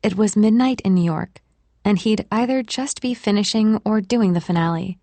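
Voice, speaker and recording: A woman narrating an audiobook in a gentle, measured manner. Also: medium pitch, dry recording. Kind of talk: scripted narration.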